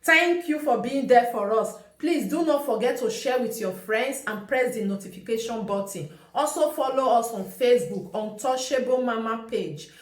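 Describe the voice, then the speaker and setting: A woman's voice: a little high, normal speed, few pauses, roomy sound. Friendly woman greeting viewers. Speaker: channel host. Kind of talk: channel greeting and sign-off.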